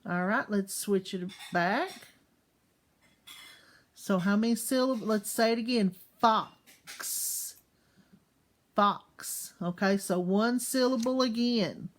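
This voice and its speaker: A patient woman teaching a class of small children. She speaks at an unhurried, very slow pace in a middling voice, stretching each word so young listeners can hear every syllable. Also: mid-range voice. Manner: patient, drawn-out words, sounds out syllables.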